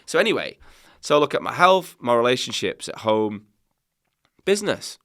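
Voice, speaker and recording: A man in his thirties, a podcast guest telling candid personal stories in a lively, casual way and swearing freely. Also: mid-range voice, normal speed. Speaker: podcast guest, company founder. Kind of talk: casual conversational storytelling.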